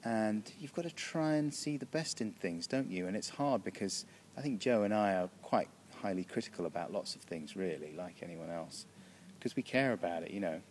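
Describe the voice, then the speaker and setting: A man's voice: lowish voice, animated, normal speed, hardly any pauses, a little hiss or hum. A British man answering interview questions backstage in a casual, rambling way, often restarting his sentences. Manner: rambling, self-interrupting, chuckling. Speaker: comedian interviewee. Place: backstage room.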